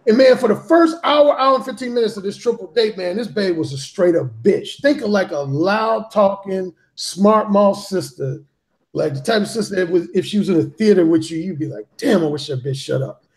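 A man's voice: high-pitched, normal speed. Blunt, profane male storyteller. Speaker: podcast guest, dating author. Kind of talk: casual storytelling in a talk show.

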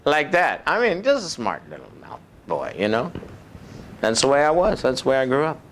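Animated man preaching a testimony. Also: mid-range voice, normal speed. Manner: animated storytelling, chuckling. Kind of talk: testimony sermon.

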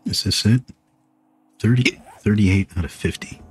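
A man's voice: fairly low pitch, unhurried, a little hiss or hum. A man casually commenting on his survival game as he plays, hiccuping on and off and chatting to himself and his viewers. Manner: chatty, talks to himself while playing. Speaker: gaming video host.

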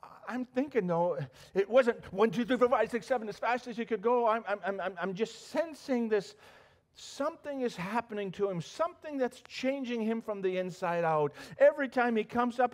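A male pastor preaching a sermon, telling a story with animated emphasis and frequent restarts. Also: very high voice, normal speed.

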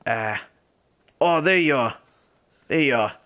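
A young man voices a role-play character in a put-on accent while he streams a game, and the effort strains his voice. He drawls his lines slowly in an ordinary middle register, swearing and shouting at whatever attacks him. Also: mid-range voice, expressive. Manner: swears constantly, exclaims loudly. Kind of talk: role-play gameplay commentary.

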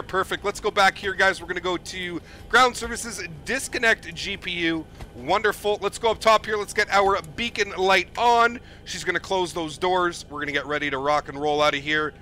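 A man's voice: high voice, normal speed, few pauses, sharp tone, slight background noise. A young man streaming a flight simulator, chatting upbeat and thanking donors over and over. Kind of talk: live gameplay commentary.

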